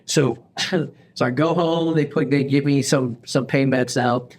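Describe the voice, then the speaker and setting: Male podcast co-host, lively storyteller who plays every quoted voice, mid-range pitch. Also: unhurried. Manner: animated, acts out quoted voices, frequent restarts; laughs often while telling stories. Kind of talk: casual storytelling chat.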